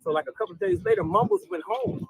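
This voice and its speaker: A man's voice: high voice, quick pace, vocal fry, breathy edge, poor audio. A man telling a long story about his time in county jail in a casual interview, rambling and acting out the dialogue. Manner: rambling, animated retelling with quoted dialogue.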